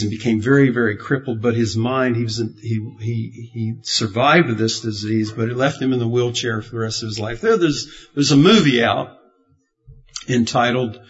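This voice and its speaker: A man preaching a sermon in a rambling, good-humored storytelling way, chuckling at his own jokes. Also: mid-range voice. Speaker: pastor. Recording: dull, muffled lo-fi sound.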